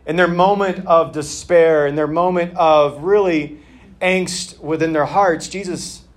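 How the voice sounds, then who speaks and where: A man's voice: fairly high pitch, fairly even intonation, measured pace. A male pastor giving a conversational sermon in a church, talking plainly with casual fillers.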